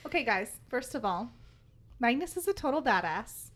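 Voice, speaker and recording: An excitable woman chatting casually about a book, her fairly high voice swinging widely in pitch. She talks in quick bursts and laughs often. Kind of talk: casual book-club chat.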